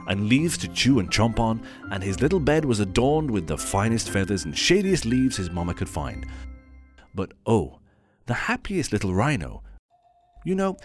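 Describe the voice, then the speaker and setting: A man narrates a fable with a lively, swooping delivery and quaint, inverted phrasing. His voice rises and falls dramatically over faint background music. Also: mid-range voice. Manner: theatrical, old-fashioned inverted phrasing. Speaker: storyteller. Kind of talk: scripted story narration.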